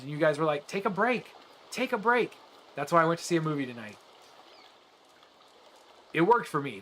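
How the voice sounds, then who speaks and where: A man's voice: on the high side, fairly bright tone, a little hiss or hum. Earnest, rambling male streamer. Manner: earnest and rambling, with many restarts. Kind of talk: casual chat with live viewers while gaming.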